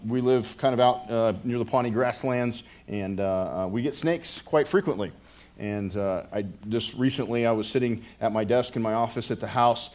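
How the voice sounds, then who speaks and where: Middle-aged pastor, casual and conversational, mid-pitched voice, self-interrupting, quick with a joke for the pews. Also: male voice, darkish tone. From United States. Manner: rambling, self-interrupting, with joking asides to the congregation.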